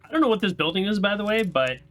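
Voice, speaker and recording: A man's voice: high voice, lively intonation, quick pace, faint music behind. A young man hosting casual gameplay commentary. He chats and tells long side stories while he plays. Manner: rambling and chatty, tells stories while playing. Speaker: gaming channel host. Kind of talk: casual let's-play commentary.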